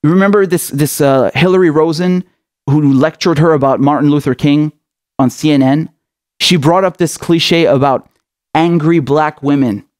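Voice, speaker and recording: A man's voice: on the high side, normal speed, darkish tone. A man hosting a political commentary show, delivering an impassioned, outraged rant full of swearing.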